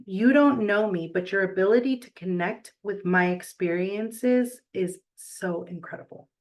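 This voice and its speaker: A middle-aged woman giving a reflective motivational talk, earnest and deliberate, with pauses between phrases. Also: mid-range voice, rough recording.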